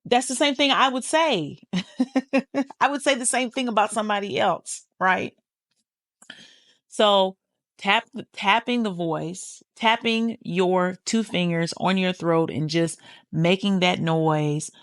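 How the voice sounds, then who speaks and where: A woman podcast host speaks in a casual, motivational way, addressing the listener directly and swearing without hesitation. Her voice sits at an ordinary middle pitch, and the close microphone gives a dry, dead sound with no room around it. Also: measured pace, dry recording. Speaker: podcast host, healing coach.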